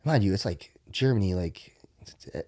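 A man telling a long profane story in casual podcast talk, animated, dropping to whispers and jumping high to quote people. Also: moderate pace. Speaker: podcast guest.

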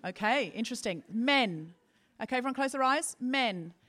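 A woman with a fairly high voice co-hosts a live comedy podcast from a theatre stage. She tells stories with energy and acts out each person in them as she goes. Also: moderate pace. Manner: animated storytelling, acting out the people in her stories. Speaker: podcast co-host. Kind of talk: live comedy podcast chat before an audience.

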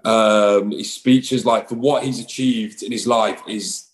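A man's voice: fairly low pitch, steady tone, takes it slowly, poor audio. A man, a rugby player chatting casually in an interview, rambling with lots of fillers and restarts. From England.

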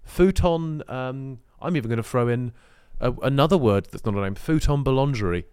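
A man's voice: medium pitch, normal speed, clean tone, no room sound, clean studio sound. A man co-hosting a podcast, teasing his co-host in casual banter. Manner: teasing, deadpan contrarian.

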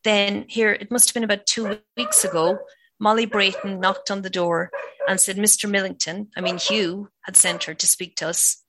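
A woman's voice: mid-range voice, fairly even intonation, moderate pace, noisy background, lightly acted. A woman reading the lines of an anxious older mother who tries to keep the peace. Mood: flustered. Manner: flustered, placating.

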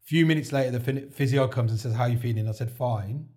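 With a mellow, mid-range voice and a fast pace, a male podcast guest recounts life as a heart transplant recipient. His casual interview storytelling is chatty, and he acts out quoted dialogue from others to relive the events.

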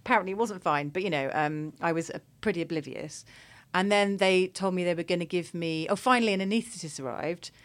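A woman's voice: fairly low pitch, brisk. A woman in her thirties telling a story in casual chat, laughing often and acting out what people said. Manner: animated storyteller, laughs often, acts out quotes. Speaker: podcast guest telling her birth story.

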